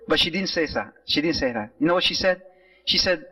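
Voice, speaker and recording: High, bright-voiced male lecturer. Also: a little fast, far from the mic, lo-fi sound. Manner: animated storytelling, mixing Arabic phrases into English. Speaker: Islamic lecturer. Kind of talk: sermon-style lecture.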